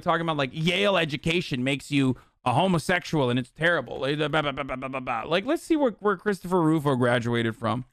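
A man's voice: on the high side, no room sound, clean studio sound. A man giving heated, sarcastic political commentary, swearing constantly as he reacts to a clip.

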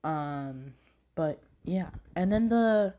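A woman chatting casually in a gushing, excitable way, with heavy filler words, frequent laughter and some swearing. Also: lowish voice, drawn-out words, a little hiss or hum. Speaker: vlogger reviewing dramas. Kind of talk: casual chat.

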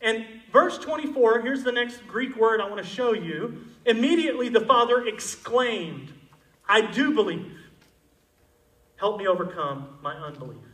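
A male pastor preaching a sermon, moving between loud, emphatic passages and quiet, intimate ones. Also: high voice, reverberant, far from the mic, rough recording.

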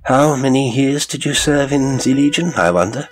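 A man's voice: lively intonation, normal speed, soft background music, lightly acted, rough recording. A man doing a silky sinister circus boss. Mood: silkily menacing. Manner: smooth, mocking politeness with sudden high lilts. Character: sinister older male circus director, silkily courteous.

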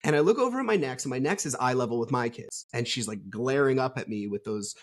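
Quick and lively in intonation, a medium-pitched middle-aged man from New Jersey shares a story as a podcast guest. The interview is casual, and he speaks frankly and wanders a bit, leaning on fillers and dropping the odd swear word.

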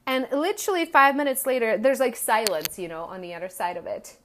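A woman's voice: on the high side, animated, a little fast, a little hiss or hum. Candid woman telling her story. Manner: candid, rambling, acts out her own quotes. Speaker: coach and entrepreneur. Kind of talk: personal storytelling talk.

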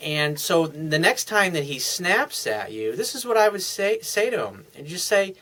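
A man's voice: fairly high pitch, very animated, moderate pace, hardly any pauses, bright, forceful tone. A man giving frank, blunt relationship advice in a casual, coaching monologue.

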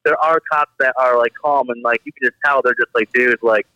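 A young man from the Detroit area talks in a casual podcast chat, his voice bright and forceful as he tells animated stories full of filler. The audio is dry and slightly dull, like a lo-fi home setup. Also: medium pitch, brisk, clean tone, dry recording. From Detroit area, Michigan. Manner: animated storytelling, heavy filler words. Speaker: guest.

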